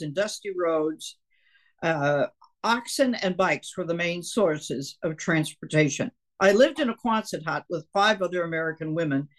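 An older woman from Minnesota, a guest author reading a chapter of her own book aloud and chatting with the host. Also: lowish voice.

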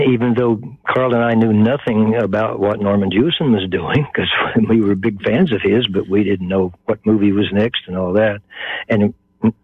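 A man's voice: lowish voice, husky, dry recording. An older man with a Texan accent, the guest in an interview, telling a story and acting out the voices of the people in it. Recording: muffled phone-line sound.

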